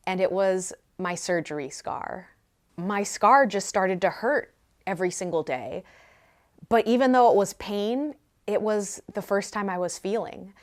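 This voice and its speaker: A young woman vlogger telling a personal story candidly, with self-mocking humor. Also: mid-range voice.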